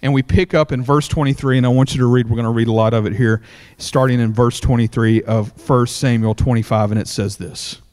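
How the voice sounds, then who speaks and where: A man preaching a sermon, retelling a story in a loose, animated way with many fillers. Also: mid-range voice, fairly quick. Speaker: pastor.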